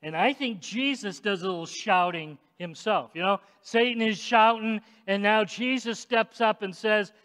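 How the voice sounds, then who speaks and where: A man preaching a sermon, speaking emphatically and directly to the congregation and rising to shouts at times. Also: high-pitched, moderate pace, hardly any pauses. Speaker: pastor. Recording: long echoing reverb of a large hall.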